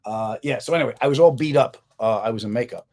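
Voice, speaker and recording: A middle-aged comedian with a mid-range voice talks fast while hosting his podcast. Chatting casually with viewers on a live stream, he keeps it joking and tells jokey stories with animated flair.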